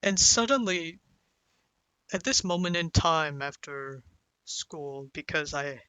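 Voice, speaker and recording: A young man rambles through a confessional story, swearing freely and leaning on fillers. His voice is bright and forceful, sitting a little high for a man. It is recorded close and dry. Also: animated, takes it slowly, smooth, dry recording, low-quality recording. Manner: rambling and profane, with many fillers like "like" and "you know". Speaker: vlogger.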